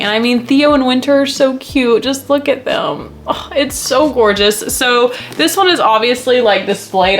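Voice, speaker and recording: Young woman book vlogger, excitable and gushing, casual chat to camera. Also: mid-range voice.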